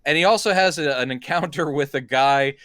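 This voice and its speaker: A man's voice: fairly high pitch, fairly quick, sharp tone, dry recording. A man co-hosting a podcast, casually retelling movie scenes and quoting the characters as he goes. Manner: rambling, retells scenes with quoted voices. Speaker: podcast co-host. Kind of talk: casual film discussion.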